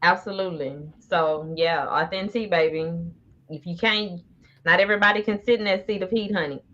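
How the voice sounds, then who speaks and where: A woman's voice: lowish voice, moderate pace, fairly bright tone, lo-fi sound. A woman hosting a casual livestream, reading viewer comments aloud with frequent laughter and terms like honey and baby. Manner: laughs often, calls people honey and baby. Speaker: livestream host.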